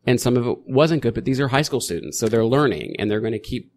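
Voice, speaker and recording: A middle-aged man chatting as a podcast guest, rambling and correcting himself as he tells stories with lively energy. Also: mid-range voice, fast. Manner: rambling, self-correcting, animated storytelling. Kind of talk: casual interview chat.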